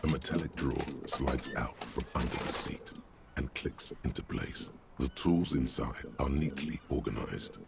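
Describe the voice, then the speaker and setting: A gravelly, ironic game narrator. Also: male voice, moderate pace. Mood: wry. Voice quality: deep and gravelly. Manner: grandiose, wry second-person narration. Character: omniscient inner voice of a detective, male, ironic. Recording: game audio with noticeable background noise.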